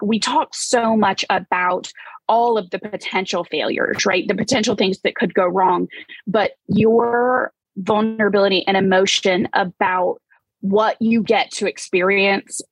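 A woman host with a gravelly, husky voice speaks encouragingly and reflectively to her guest. Her voice is recorded dry and close to the mic. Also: medium pitch, no echo, rough recording. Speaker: interviewer, podcast host. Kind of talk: interview, motivational talk.

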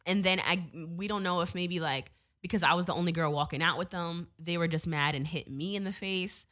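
Young woman, lower voice, loose and animated anecdote delivery with frequent filler words and swearing. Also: a little fast. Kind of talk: casual storytelling.

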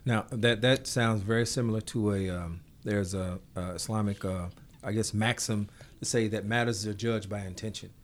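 Man, interviewer, somewhat low voice, hesitant and thoughtful, lots of fillers. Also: fairly even intonation, normal speed. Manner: thoughtful, hesitant, many fillers while framing questions. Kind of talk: conversational interview.

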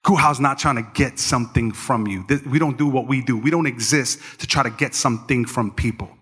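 A man's voice: medium pitch, brisk, slightly rough. A man, a pastor, giving a conversational sermon full of stories, acting out the people in them as he goes. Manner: animated storyteller, acts out quoted voices. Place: church. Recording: long church hall reverb.

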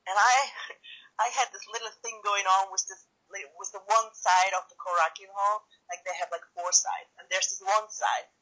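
A woman wrestler talks in an interview. Her voice is bright and clear, and her pitch sits in the middle. She tells her stories in an animated way and keeps checking in with "right?" as she goes. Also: moderate pace, low-quality recording. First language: German. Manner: animated, tags sentences with "right?" and "like". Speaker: professional wrestler. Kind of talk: casual interview storytelling.

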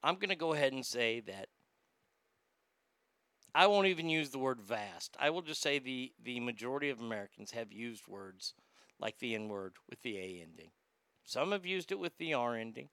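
A man's voice: medium pitch, lively intonation, normal speed, pushed and bright, smooth, no room sound. Profane, rambling male podcast host. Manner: profane, rambling, reads listener comments aloud. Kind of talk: casual commentary.

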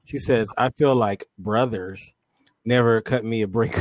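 A man's voice: fairly low pitch, steady tone, a little slow, dry recording. A man co-hosting a casual talk show, chatting loosely and reading viewer comments aloud, with many fillers and restarts. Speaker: co-host.

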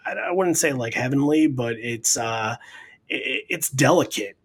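A male podcast host in casual conversation, talking through a concert with real enthusiasm. He rambles and repeats his words as he works out his thoughts. His voice sits at an ordinary, middle pitch. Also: animated, moderate pace, husky. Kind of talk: casual music discussion.

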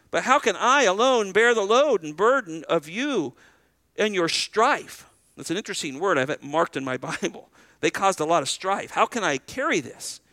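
Bright-voiced middle-aged male pastor preaching. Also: high-pitched, no echo. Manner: conversational preaching, rhetorical questions, acts out little dialogues. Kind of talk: sermon.

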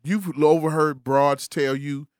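A man's voice: on the high side, steady tone, slow, clean tone, dry recording, studio quality. A man co-hosting casual banter, playfully arguing and lecturing his point. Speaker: co-host.

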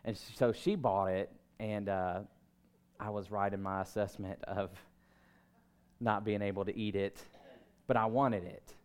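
A man in his thirties preaching a sermon, telling stories about himself in a relaxed, conversational way and breaking into emphatic bursts. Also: on the low side, a little slow, pauses often, clean tone. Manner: conversational, self-deprecating storytelling with emphatic bursts. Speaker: pastor.

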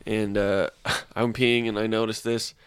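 A man's voice: on the low side, measured pace, smooth, no echo, clean studio sound. A man co-hosting a comedy podcast, telling crude stories in casual banter and laughing through them. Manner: laughs through his stories, goofy deadpan jokes. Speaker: podcast co-host.

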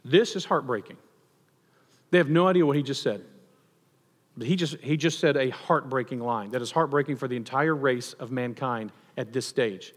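A pastor giving a sermon in a conversational, animated storytelling manner with touches of humor. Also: male voice, medium pitch, moderate pace, in a large hall.

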